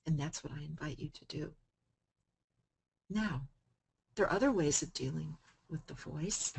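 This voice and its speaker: A woman giving a coaching self-help talk to a group, switching between calm explanation and sudden loud, playful emphasis. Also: deep voice, measured pace, creaky, slightly rough, low-quality recording.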